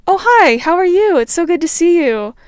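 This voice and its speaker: A woman's voice: very high-pitched, very animated, moderate pace, no echo, clean studio sound, voice pushed up. A woman putting on the chirpy, overly friendly voice she uses for small talk at work, sing-song and eager. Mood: chipper.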